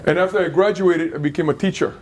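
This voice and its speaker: A man's voice: on the high side, fast talker. A middle-aged man, giving a storytelling talk to schoolchildren, interactive, asking the audience questions and repeating phrases. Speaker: motivational speaker at a school.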